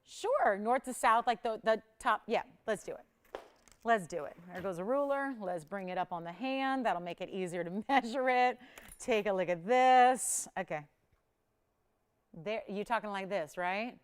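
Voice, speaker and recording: A woman's voice: measured pace, clear, resonant tone. A woman hosting a live jewelry shopping auction, chatting casually with viewers and crew and laughing often. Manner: chatty, laughs often, lively swings in pitch and volume.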